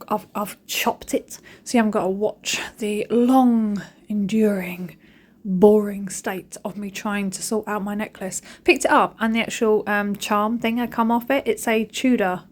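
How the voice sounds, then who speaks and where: A woman in her thirties talks over her cleaning vlog in a chatty, cheeky way. She tells jokey stories about home life with her family. Her pitch sits in a middle range. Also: darkish tone. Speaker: vlogger. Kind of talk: casual chat over cleaning footage.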